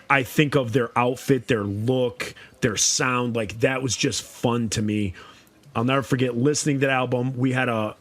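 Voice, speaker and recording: Man, podcast co-host, casual chat, relaxed, rambling, mid-pitched voice.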